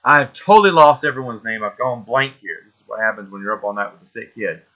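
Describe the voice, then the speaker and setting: Bright-voiced enthusiastic male movie host. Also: lowish voice, animated, quick pace, lo-fi sound. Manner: enthusiastic, rambling, loses names mid-sentence. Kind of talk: casual solo movie talk.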